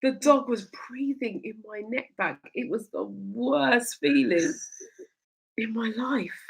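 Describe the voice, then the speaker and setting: A woman's voice: a little high, takes it slowly, creaky, rough recording. A woman hosts a casual chat show. She tells stories with lots of life and breaks into laughter often. Her tone is easy and conversational. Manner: lively storyteller, laughs often. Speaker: host.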